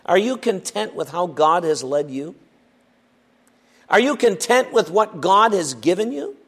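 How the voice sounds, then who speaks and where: A man preaching a sermon, slow and emphatic, asking the listeners rhetorical questions. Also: sits high, big pitch swings, fairly bright tone, husky.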